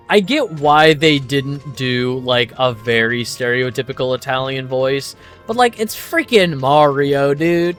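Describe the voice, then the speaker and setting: A streamer giving lively, laughing let's play commentary and reading game text aloud. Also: mid-range voice. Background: faint game music.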